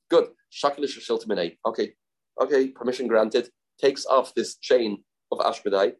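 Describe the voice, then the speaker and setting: A man's voice: mid-range voice, normal speed, poor audio. A man teaching a daily Talmud class, reading Aramaic lines and retelling the story in casual English, acting out the dialogue.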